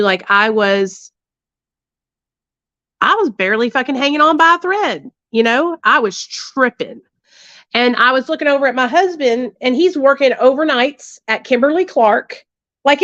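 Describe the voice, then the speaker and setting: A woman's voice: on the high side, a bit bright, no echo. A woman, telling her recovery story casually and bluntly, with plenty of swearing and asides to her listeners. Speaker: livestream host sharing her recovery story. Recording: dull, slightly lo-fi dry sound.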